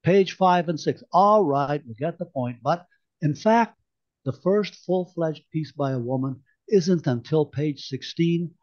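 A man's voice: on the high side, unhurried, a little mellow, no room sound, lightly acted. A biting, indignant woman activist, pressing her case with sarcastic questions, read by a man in his own voice. The sound is dull and lo-fi, as from an online call, and quite dry. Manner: sarcastic, pointed rhetorical questions.

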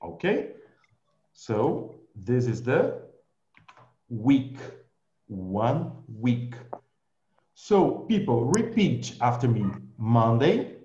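A male English teacher with a Brazilian Portuguese accent, leading an online group class slowly and patiently, repeating his praise. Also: mid-range voice, big pitch swings, dark tone, reverberant, dull audio.

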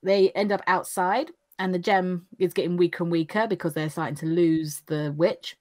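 A woman's voice: fairly low pitch, fairly even intonation, moderate pace, a little mellow. Chatty woman recapping anime. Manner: chatty, laughs often, acts out lines in funny voices. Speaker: podcast co-host recapping anime. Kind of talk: casual chat recap.

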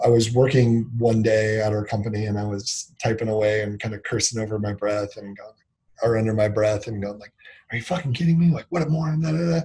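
A man's voice: on the low side, mellow, slight background noise, low-quality recording. Candid thirties man telling a story. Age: 30s. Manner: candid, filler-heavy, acts out quoted dialogue. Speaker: interview guest, company founder. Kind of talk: conversational storytelling interview.

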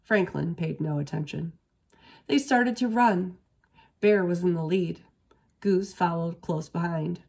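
A woman reading a children's picture book aloud as a storyteller, steady and expressive. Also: fairly low pitch, measured pace, creaky, slightly rough.

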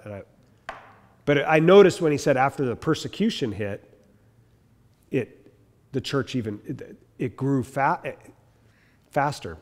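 A man's voice: mid-range voice, expressive, measured pace, long pauses, a little mellow. A man teaching a class, telling stories and mimicking the people in them. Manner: storytelling, mimics people in quotes. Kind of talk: animated classroom lecture with acted anecdotes. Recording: long hall reverb.

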